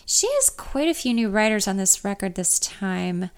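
A woman's voice: mid-range voice, animated, normal speed, smooth, close to an everyday voice. A woman reading an audiobook, voicing a friendly male record publisher on the phone. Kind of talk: audiobook character voice.

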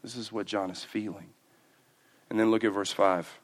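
A man preaching a sermon, his delivery moving between quiet, slowed passages and loud, emphatic bursts. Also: on the low side, fairly even intonation. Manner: swings from hushed and slow to loud and emphatic. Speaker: pastor.

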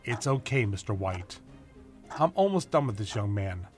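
A man's voice: on the low side, sing-song, normal speed, faint music behind. Guy reading a no-nonsense doctor, firm and matter of fact, story narration. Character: brisk, caring male doctor.

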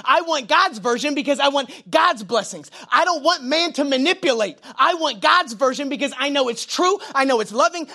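A young male pastor with a drawl preaches with a bright, ringing edge to his voice. He shifts from loud emphatic lines down to hushed prayerful murmurs, with informal jokes and stories along the way. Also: very high-pitched. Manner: swings between loud emphatic preaching and quiet prayerful asides. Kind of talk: sermon.

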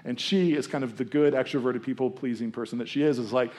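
A man's voice: mid-range voice, a little fast, hardly any pauses, a little mellow. A man in his thirties giving a conversational sermon as a pastor, with self-deprecating asides and quoted voices he acts out. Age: 30s.

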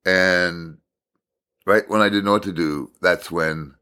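A middle-aged man shares a devotional story in a bright, forceful voice. He swings from exasperated, emphatic bursts to low, quiet reflection, repeating key words to drive them home. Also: fairly even intonation, takes it slowly, clean tone. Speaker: Christian speaker. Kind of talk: personal devotional talk.

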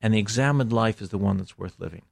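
Gravelly, measured middle-aged man. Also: on the low side, no room sound. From United States. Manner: measured, hesitant, many fillers. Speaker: filmmaker guest. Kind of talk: reflective interview talk.

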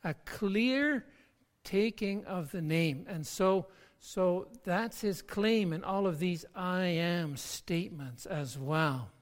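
Slow, emphatic preacher in a reverberant church. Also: medium pitch. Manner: emphatic, repeats words while building a point. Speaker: pastor. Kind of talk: sermon.

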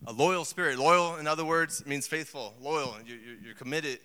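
A man preaching a sermon in a lively, conversational way, full of asides and acted quotes. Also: a little high, moderate pace, clear, resonant tone. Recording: long hall reverb.

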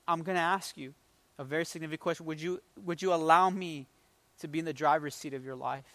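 A man quoting a quiet, gentle divine voice in his heart, speaking softly and tenderly. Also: fairly high pitch, fairly even intonation, fast, no room sound, pitched below the performer's own voice. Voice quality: soft, hushed, gentle.

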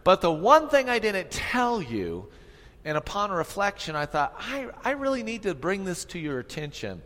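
A man delivers a sermon in a fairly high voice, driving points home through repetition and direct questions to the people in front of him. His words ring out in a church sanctuary with a long trailing reverb. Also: huge pitch swings, normal speed, fairly bright tone. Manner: emphatic, repeats phrases for effect, asks the congregation questions. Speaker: pastor.

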